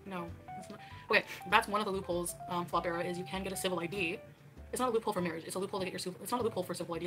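Fast-talking, defensive woman streamer. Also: on the low side. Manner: defensive, argumentative, talks over clips. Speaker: livestreamer reacting to videos. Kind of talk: casual livestream chat.

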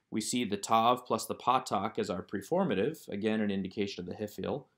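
A man teaching a recorded Hebrew grammar lesson, walking through workbook exercises one by one in a methodical, explanatory way. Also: fairly low pitch.

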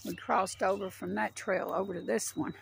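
A woman rambles through a casual walking vlog, a little out of breath. Her mid-pitched voice has a gravelly edge. She was recorded outdoors on a wooded trail with a handheld phone. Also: fairly even intonation, normal speed, a little hiss or hum. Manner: chatty, rambling, talks sweetly to her dog. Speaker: vlogger walking her dog.

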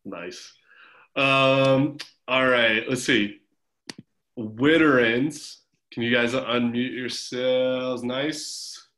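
Young male coach, middle pitch, teasing and upbeat, heard over a video call. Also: fairly even intonation, very slow, bright, forceful tone. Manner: encouraging, chatty, teasing. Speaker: swim coach. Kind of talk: casual group video call check-in.

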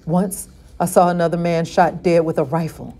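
A woman's voice: on the low side, steady tone, mellow. A woman reading as a shaken, broken father. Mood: whispered dread. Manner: shaken, halting. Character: traumatized, frightened middle-aged father.

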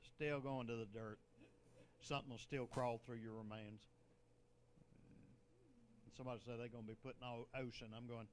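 A man's voice: mid-range voice, fairly even intonation, normal speed, long pauses, slight background noise. An older man, a bishop, preaching a sermon in a conversational way, with joking asides and laughter.

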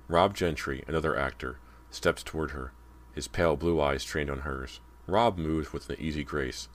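A man narrating a horror novel as an audiobook, in a steady, low-key reading.

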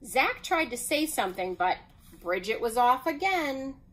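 A woman reads a children's picture book aloud at an unhurried pace. Her voice sits high and rises and falls with plenty of expression, and she lets each sentence land. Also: big pitch swings, slight background noise, rough recording. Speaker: storyteller.

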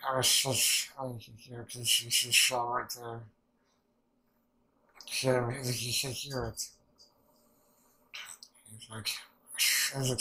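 Bright-voiced man, rambling recap. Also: medium pitch, unhurried, pauses often, rough recording. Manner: rambling, excitable, swears often. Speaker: anime reaction host. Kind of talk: casual reaction and episode recap.

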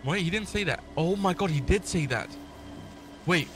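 A young man streaming a game, chatting excitedly and joking, mock-translating foreign phrases. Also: high-pitched, normal speed, music in the background. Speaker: gaming streamer. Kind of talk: casual gaming chat.

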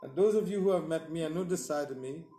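A man giving a sermon testimony and telling stories in a lively way, acting out the voices of other people. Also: a little high, quick pace, roomy sound, faint music behind. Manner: storytelling, acts out the voices of others in dialogue. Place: church service.

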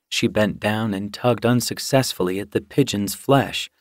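A man reading an audiobook in scripted, measured narration. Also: lowish voice, no echo, studio quality. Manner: measured, unhurried storytelling.

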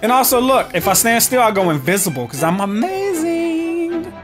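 Very high-pitched and highly animated, this gaming YouTuber speaks at a normal speed. He mixes profanity with cocky jokes while playing, mocking enemies and talking to viewers as music plays in the background.

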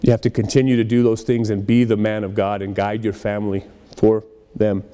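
A man's voice: fairly low pitch, flat delivery, brisk, mellow, clear, resonant tone, long reverb tail. A man preaching a conversational sermon in a church, acting out little dialogues as he goes. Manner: conversational preaching with acted-out quotes. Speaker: pastor.

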